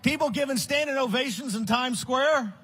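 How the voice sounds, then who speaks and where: At a conference, a man gives a fiery, combative political rally speech, his raspy voice straining very high at a normal speed. His sharp, bright tone keeps breaking into scornful shouts, like a big-hall speaker working the room.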